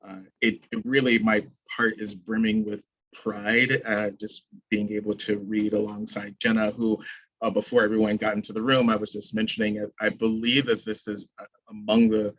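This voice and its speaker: Halting low-voiced man poet. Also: flat delivery, fairly bright tone, no room sound, low-quality recording. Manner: halting, with many fillers. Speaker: poet and teacher. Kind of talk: poetry reading introduction.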